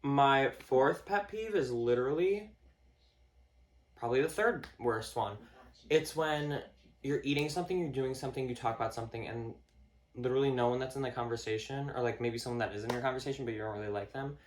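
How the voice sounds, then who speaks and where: A man vlogging a casual rant to camera, swearing often, packing his talk with fillers and mocking other people in a higher voice. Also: brisk. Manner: profane, filler-heavy, mocks others in a higher voice.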